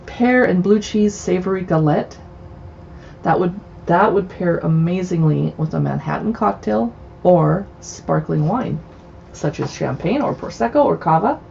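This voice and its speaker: Chatty woman with a gravelly, mellow voice. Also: on the low side, expressive, a little slow, dull audio, slight background noise. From US West Coast. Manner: chatty, reads titles aloud with asides. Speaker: cookbook show host. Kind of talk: casual livestream book browsing. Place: home in a city.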